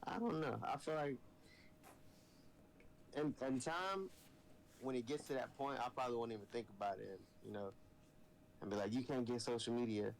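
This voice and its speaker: A man's voice: mid-range voice, normal speed, long pauses, poor audio. Man thinking aloud, unsure. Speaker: podcast guest. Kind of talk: casual podcast chat.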